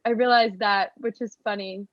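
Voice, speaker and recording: A young American actress talking casually in an interview, chatty and self-deprecating with lots of fillers. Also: female voice, mid-range voice, fairly even intonation, normal speed, no echo. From United States. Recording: dull, dry lo-fi sound.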